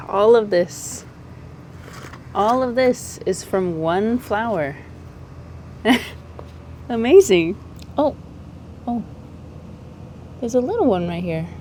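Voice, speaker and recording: A woman's voice: medium pitch, expressive, drawn-out words, long pauses, dark tone, a little hiss or hum. A woman chatting casually in her own gardening vlog, giggly and easily moved, laughing often. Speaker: gardening vlogger. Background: music.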